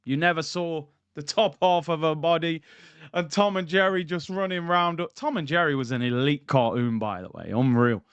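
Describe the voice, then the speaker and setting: Excitable high-voiced man ranting about football. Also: normal speed, clear, resonant tone, no echo, highs cut off. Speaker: football YouTuber, stream host. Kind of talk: casual live-stream football commentary.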